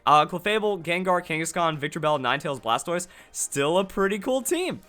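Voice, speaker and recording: A man giving excited, fast commentary on a game, restarting his sentences often. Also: a little high, faint music behind. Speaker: gaming youtuber.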